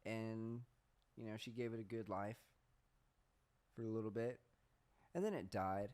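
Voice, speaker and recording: Young male podcast host, lowish voice, loose rambling storyteller who swears freely. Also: steady tone, unhurried, a little mellow. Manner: rambling, swears often, laughs at himself; reads search results aloud. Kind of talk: casual storytelling chat.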